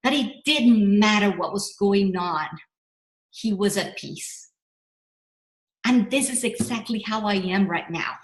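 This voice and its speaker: A middle-aged woman coaching a workshop, talking in an animated, rambling way with many restarts and self-corrections. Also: medium pitch, slow pace, pauses often, echoey room, poor audio. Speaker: business coach. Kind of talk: motivational workshop talk.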